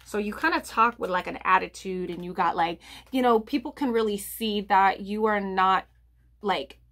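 A woman's voice: mid-range voice, fairly bright tone. A woman giving a casual tarot reading to viewers, rambling with lots of fillers, restarts and "I feel like.". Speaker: tarot reader.

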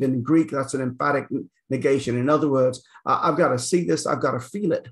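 A man's voice: medium pitch, a little fast, hardly any pauses. A man giving an informal Bible lecture, talking conversationally with many fillers and frequent "okay?" check-ins, retelling scripture in casual paraphrase. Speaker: Bible teacher.

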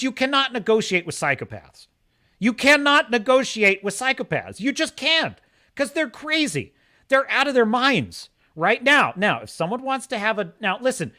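A man's voice: very high-pitched, pushed and bright. A man hosting a livestream, giving opinionated, emphatic commentary and often repeating himself for stress. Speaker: host of a streaming show.

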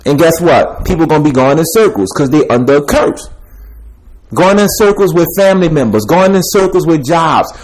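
Animated high-voiced man preaching. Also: rough recording. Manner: emphatic, repetitive, street slang. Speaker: street preacher vlogger. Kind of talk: preaching rant to camera.

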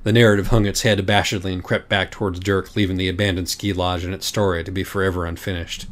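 A man's voice: low voice, level tone, fast talker, a little hiss or hum. A man giving a wry, theatrical comic reading of a parody storybook.

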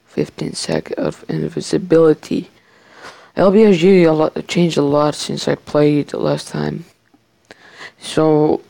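Man gamer, casual play commentary, gravelly and unhurried, jokey bragging and frequent swearing, dry close sound. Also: fairly high pitch, no echo. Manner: excitable, swears, jokingly boasts. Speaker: gamer playing a survival match. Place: his bedroom.

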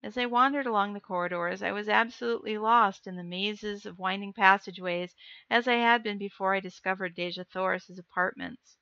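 Bright-voiced woman reading a novel aloud. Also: mid-range voice, fairly even intonation, fairly quick, no room sound, muffled recording. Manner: reads dialogue expressively, joking asides between passages. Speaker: reader of a novel. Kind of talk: live-streamed audiobook reading.

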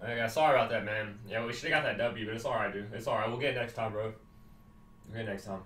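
A young man in a comedy skit, brashly trash-talking over game voice chat and swinging between yelling and mumbling. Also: lowish voice, fast, far from the mic. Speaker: gamer. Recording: roomy echo, voice set back from the mic.

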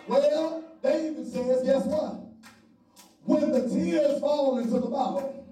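A man's voice: extremely high pitch, fairly even intonation, slow, warm tone. A man preaching a sermon, whooping in a half-sung call-and-response style. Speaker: pastor. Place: large church sanctuary. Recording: echoey church hall from far off.

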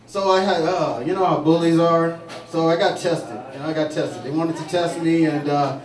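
On the high side and at a moderate pace, a male comic works a saloon stage, his stories meandering with restarts and fillers. The audience laughs in a distant, echoey bar recording where the crowd can be heard.

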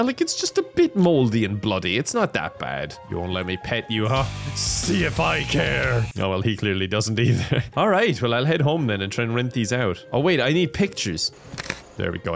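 A young man giving sarcastic, joking commentary while playing a video game, laughing often. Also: on the low side. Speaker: gaming YouTuber. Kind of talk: casual gameplay commentary.

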